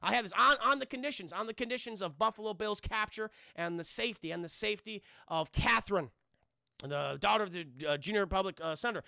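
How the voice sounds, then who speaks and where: A man's voice: high voice, fast talker, creaky, bright, forceful tone, clear, resonant tone, no room sound, studio quality, exaggerated voice. A man voicing an earnest young female FBI trainee in a loose, rambling retelling.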